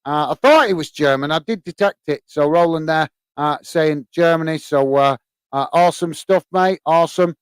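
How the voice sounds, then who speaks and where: A man hosting a live football fan stream, reading out viewer comments and chatting back in a relaxed, rambling way full of fillers. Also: fairly high pitch, moderate pace, clear, resonant tone, no echo. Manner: relaxed, chatty, many fillers, calls listeners mate. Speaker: host of a football fan channel.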